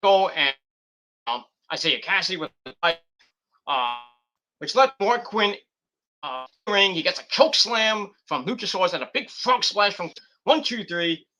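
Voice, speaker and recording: A man's voice: high voice, lively intonation, unhurried, pushed and bright. A man giving a rambling, profane and exasperated review of a wrestling show. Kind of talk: casual rant review.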